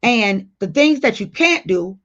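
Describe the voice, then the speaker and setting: An expressive woman with a fairly high voice takes her time as she hosts a casual livestream. Through dull lo-fi stream audio, she reads out viewer comments and talks straight to her audience, blunt yet playful.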